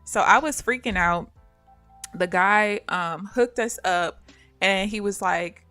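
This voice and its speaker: A woman live-streaming her day trading talks in a bright, forceful voice, chatting casually with her viewers. She tells stories with lots of energy and laughter while commenting on her trades. Faint music plays in the background. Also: mid-range voice, slow. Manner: animated storyteller who addresses viewers as "y'all" and laughs often.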